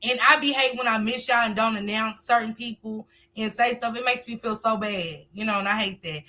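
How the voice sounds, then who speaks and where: A woman's voice: fairly high pitch, a little fast, sharp tone. A woman hosting a casual live stream, talkative, reading viewer comments aloud and answering them.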